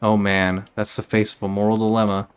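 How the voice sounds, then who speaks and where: A man with a lowish voice makes wry asides while playing through a video game. He talks in a relaxed, joking way. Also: fairly quick, clean tone. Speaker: let's play gamer. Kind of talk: casual gaming commentary.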